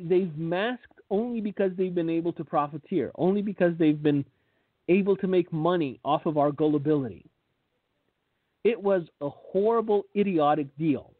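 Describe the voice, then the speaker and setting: This man's voice is high-pitched as he hosts a blunt, sarcastic radio commentary, frequently repeating words at the start of a thought. He is both a radio host and a preacher, and the dry recording sounds tinny, like a phone line.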